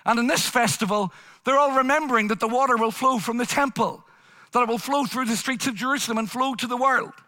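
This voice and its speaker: Male preacher, high and bright, fervent repetitive sermon delivery. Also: brisk. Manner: impassioned, repetitive preaching cadence.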